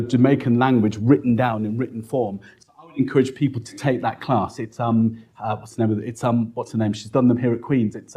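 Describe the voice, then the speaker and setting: Lecturer, male, husky voice, animated storyteller in a Q&A. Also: mid-range voice. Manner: animated storytelling, acts out quotes, laughing asides.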